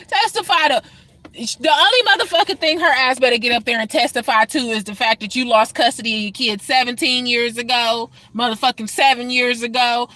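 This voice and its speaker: A woman hosting a reaction video, talking casually and profanely, mocking people loudly and then sighing tiredly about her kids' football season. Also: on the high side, dry recording. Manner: brash, profane, swings between loud mockery and tired sighs. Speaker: football mom.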